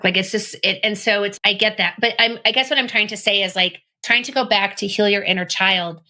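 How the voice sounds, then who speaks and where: A woman's voice: mid-range voice, a little fast, hardly any pauses, pushed and bright. A woman podcast host talking in a rambling, reflective way with many fillers. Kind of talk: casual conversation.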